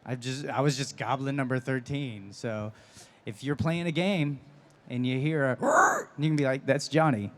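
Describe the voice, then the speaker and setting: A convention-stage guest, this male voice actor for anime and games responds to fans' panel questions at normal speed and medium pitch. His storytelling is animated and full of laughter.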